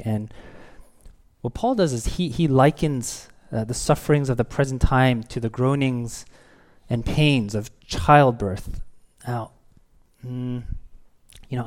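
This is a man preaching in an easygoing, conversational way. His voice sits at an ordinary middle pitch, and he is open and personal. He leaves in his fillers and rephrases as he goes. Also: darkish tone. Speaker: pastor. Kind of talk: conversational sermon.

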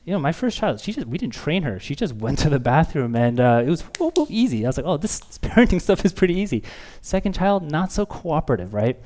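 A man's voice: a little high, sing-song, fast talker, hardly any pauses, darkish tone. A man in his thirties, a pastor preaching a sermon, talking candidly and self-deprecatingly, with playful acted quotes.

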